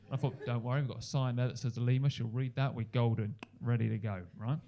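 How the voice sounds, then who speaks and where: Speaking fast, a young comedian works a club stage with a handheld mic, animatedly switching into loud, high voices to play the characters in his stories. The audio sounds dull.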